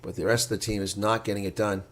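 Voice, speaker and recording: A man giving live reaction play-by-play commentary, excitable and blunt, his voice climbing sharply during big plays. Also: fairly low pitch, quick pace. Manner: blunt and opinionated.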